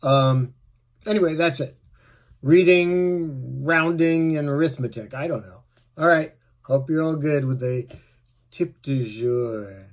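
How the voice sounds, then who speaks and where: Husky-voiced man giving casual music tips. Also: fairly high pitch, slow pace. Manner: relaxed, rambling, with fillers and asides. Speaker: musician teaching an instrument. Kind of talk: casual spoken tip video.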